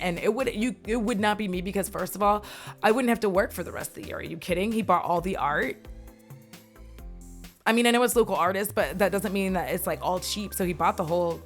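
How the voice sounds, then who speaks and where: A woman's voice: medium pitch, brisk, faint music behind. A young woman recapping a movie in a casual, rambling chat, swearing and wandering off on tangents.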